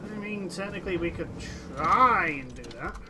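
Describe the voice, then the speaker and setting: A man's voice: sits high, lively intonation, moderate pace, noisy background. A man commentating a strategy game let's play, talking to his units and to the nations in the game and getting exasperated with them. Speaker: gameplay commentator.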